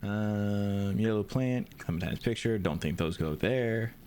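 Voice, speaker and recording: A man's voice: on the low side, a little slow, a little mellow, a little hiss or hum. A man streaming a video game, chatting casually and rambling with lots of restarts. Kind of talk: casual chat.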